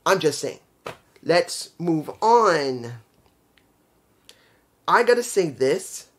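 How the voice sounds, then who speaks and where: A man's voice: on the high side, very animated, drawn-out words, slight background noise. A young man casually reviewing a wrestling show, rambling and repeating his points for emphasis.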